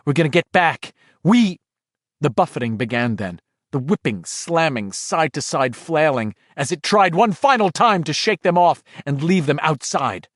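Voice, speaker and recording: A man's voice: on the high side, animated, moderate pace, a bit bright, no echo, clean studio sound. A man reading a horror audiobook aloud in dramatic scripted narration. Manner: dramatic, shifting delivery.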